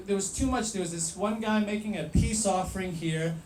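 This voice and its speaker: A man telling a true story live, in an animated, wry way with pauses for effect. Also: high-pitched, echoey room, noisy background.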